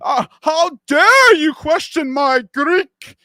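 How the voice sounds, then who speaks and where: A man doing a mocking impression of a pompous male scholar, in a slow, drawn-out, indignant whine. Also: very high-pitched, animated, bright, forceful tone, no room sound, pitched above the performer's own voice, full character voice. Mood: indignant mockery. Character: pompous whiny male scholar waving his credentials.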